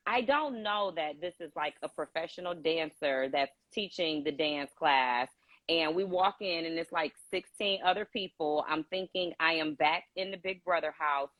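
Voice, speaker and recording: A woman's voice: sits low, moderate pace, fairly bright tone, dry recording. A woman hosting a casual livestream on her phone, telling stories in a blunt, candid way. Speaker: host of a livestream. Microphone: phone on a video call.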